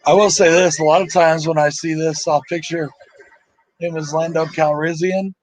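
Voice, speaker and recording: A man's voice: on the high side, steady tone, moderate pace, no echo, poor audio. A man hosting a casual live movie commentary, tired and sleepy, talking in a rambling, emotional and profane way with lots of fillers.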